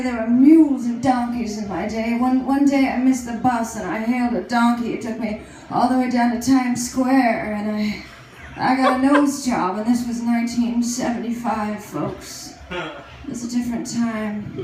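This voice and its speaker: A woman's voice: on the high side, noisy background, lightly acted. A woman playing a vain, self-dramatizing aging female celebrity who hosts a comedy show, talking in a rambling, brassy and crude way on a comedy stage. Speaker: comedy show host persona. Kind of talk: stand-up character comedy. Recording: very echoey live room.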